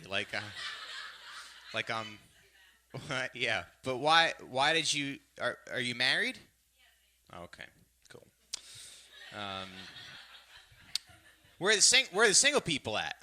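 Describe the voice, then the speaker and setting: A man's voice: mid-range voice, pushed and bright, slight background noise. A man in his thirties doing a stand-up set at a live show, rambling and self-deprecating with lots of fillers, on a stage mic. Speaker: stand-up comedian. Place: live comedy show venue. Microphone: stage microphone.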